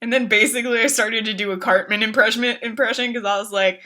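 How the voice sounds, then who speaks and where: Woman streamer rambling about a game, bright tense voice, laughs a lot and swears, yells out her own reactions. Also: fast talker, hardly any pauses. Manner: animated storytelling, laughs often, swears, acts out her own outbursts in a high voice. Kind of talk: casual chat on a live game stream.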